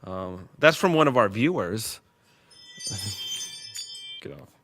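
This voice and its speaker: A man's voice: lowish voice, big pitch swings, takes it slowly, a bit bright, a little hiss or hum. A man rambling casually as host of a test livestream at work, joking and losing his train of thought. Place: workplace.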